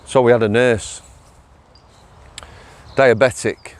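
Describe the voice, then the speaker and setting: A man's voice: medium pitch, steady tone, slow. A man telling a workplace story in a casual, chatty monologue, often laughing and asking "yeah?". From England. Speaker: former prison officer vlogger.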